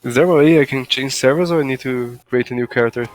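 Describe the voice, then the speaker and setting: A man from Brazil, speaking English as an in casual voice chat, halting and searching for words. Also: mid-range voice. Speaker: friend playing along. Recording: game music behind voice.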